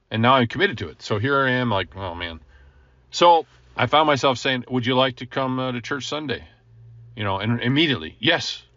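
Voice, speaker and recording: A man with a bright, forceful voice coaches ministry leaders through a personal story, earnest and chatty with frequent chuckles. The sound is dry and close, a little dull in the highs. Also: no echo. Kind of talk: personal testimony teaching.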